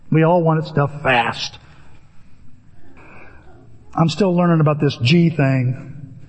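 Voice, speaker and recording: Older male pastor, high and lively delivery, lots of swoops, story-driven sermon. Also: slow, pauses often, long reverb tail. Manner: animated storytelling with acted-out voices.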